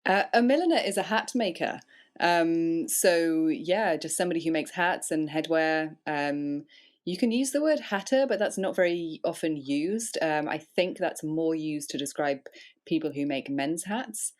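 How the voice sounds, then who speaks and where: A woman with a middle England accent talks as a podcast guest. Her voice is very low for a woman. She hesitates with ums and laughs lightly between thoughts. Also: a little slow. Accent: Middle England English. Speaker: guest, milliner. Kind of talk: podcast interview.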